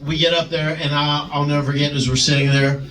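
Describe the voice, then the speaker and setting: A man on a podcast telling an animated wrestling story, chuckling and slipping into other people's voices. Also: a little high, brisk, slight background noise. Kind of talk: casual storytelling. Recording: echoey, distant mic, faint background ambience.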